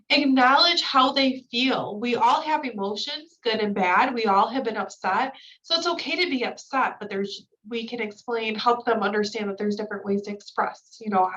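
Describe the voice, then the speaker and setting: A woman's voice: a little high, fairly bright tone, distant mic, highs cut off. A woman trainer going through slides in a recorded training lecture, explaining each point with casual fillers.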